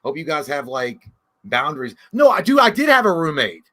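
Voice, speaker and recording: A man's voice: a little high, sing-song, a little fast, sharp tone. A man co-hosting a casual movie podcast, swearing constantly and joking about his childhood. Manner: crude, swears a lot, mimics his mom. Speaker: podcast co-host. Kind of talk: casual chat.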